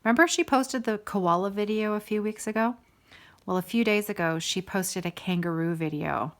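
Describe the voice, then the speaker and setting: A woman's voice: mid-range voice, normal speed. A middle-aged woman hosting a casual stitching video, chatting to viewers in a rambling, enthusiastic way full of sidebars. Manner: warm and enthusiastic. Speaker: host of a stitching video show.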